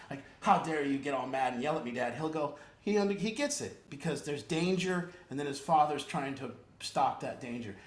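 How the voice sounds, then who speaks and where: Earnest man counselor, somewhat high-pitched, emphatic and rambling in an informal group talk, recorded in a reverberant room. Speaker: recovery program counselor.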